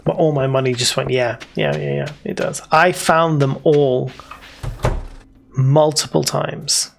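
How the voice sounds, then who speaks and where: A man's voice: on the high side, steady tone, a little slow, gravelly, soft background music. A man with a British accent giving casual, rambling gameplay commentary as a let's play host. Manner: chatty, rambling, self-teasing.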